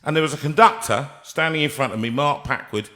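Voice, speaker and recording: Animated man telling a story. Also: on the high side, fairly quick. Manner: animated comic storyteller, acts out quoted voices. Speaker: host and singer. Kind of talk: live-streamed storytelling chat.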